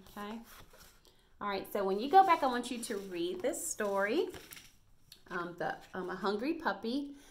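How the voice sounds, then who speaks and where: A first grade teacher records a video reading lesson for young children. She talks at a medium pitch in a bright, encouraging voice and praises the kids often. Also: animated, normal speed, long pauses.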